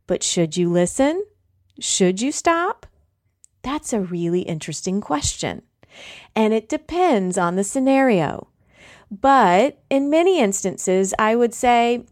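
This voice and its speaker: A woman's voice: mid-range voice, a little mellow. A woman coach hosting a solo podcast, talking in an emphatic, conversational, motivational way.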